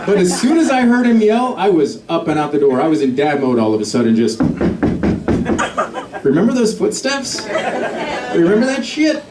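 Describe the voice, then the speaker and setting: On a comedy club stage before a laughing audience, a middle-aged man performs stand-up, telling a family story and voicing its characters. His fairly high voice comes quick with few pauses, heard from a distance through heavy background noise in a roomy live recording full of crowd laughter.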